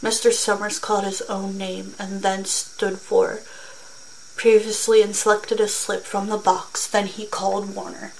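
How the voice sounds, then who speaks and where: A woman reads a short story aloud in a steady, measured voice. Her pitch sits in a middle range, and a faint hiss stays under the reading. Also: creaky, rough recording. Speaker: reader.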